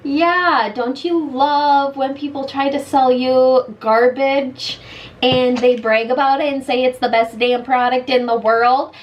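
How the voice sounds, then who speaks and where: A woman in her late thirties vlogs a makeup review from her bedroom, her voice fairly high and her words slow and drawn out. She sounds blunt and exasperated, and a faint hiss sits under the camera mic. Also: flat delivery, muffled recording. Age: late 30s. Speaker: beauty vlogger. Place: bedroom at home.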